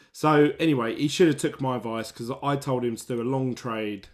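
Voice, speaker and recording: Chatty excitable man. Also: mid-range voice, moderate pace, hardly any pauses. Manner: chatty, excitable, laughs at his own story. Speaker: crypto YouTuber. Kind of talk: casual chat to camera.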